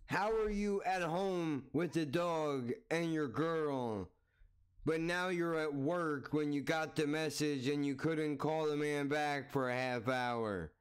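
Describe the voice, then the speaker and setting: A man's voice: fairly high pitch, slow pace, clear, resonant tone. A man reacting to a video with exasperated, mocking, profane commentary, often repeating himself.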